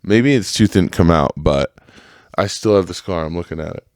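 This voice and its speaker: A man's voice: sits low, normal speed, dry recording, studio quality. Profane rambling man telling stories. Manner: profane, rambling, animated when quoting others. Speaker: podcast host. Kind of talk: casual storytelling monologue.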